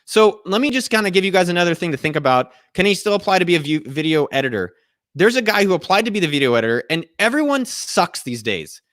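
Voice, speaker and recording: A man hosting a casual live question-and-answer session, talking in a blunt, excitable way and swearing freely. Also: sits high, fast, dry recording, clean studio sound. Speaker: host.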